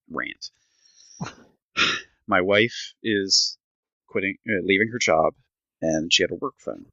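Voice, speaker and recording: In a casual podcast chat, a middle-aged co-host tells a story as a rant, voicing the quotes of the people involved. His voice is low, bright and forceful, recorded on a slightly dull, dry mic with no room sound.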